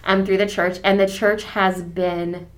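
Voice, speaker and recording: A woman chats on a church podcast about her community's care work, pouring out praise. She speaks at a middle pitch and talks in gushing runs full of "um" and "like", circling back and restarting her sentences. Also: flat delivery, unhurried. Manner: effusive, with many fillers and restarts. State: getting emotional. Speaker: church deacons leader. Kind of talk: casual podcast conversation.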